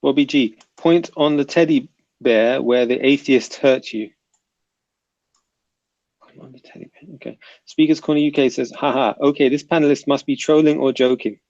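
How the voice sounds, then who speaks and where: Male streamer-host, gravelly, dry and muffled online audio, reads the chat aloud and banters. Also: mid-range voice, steady tone, normal speed, darkish tone, dry recording. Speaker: livestream panel host reading chat. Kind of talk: casual livestream chat.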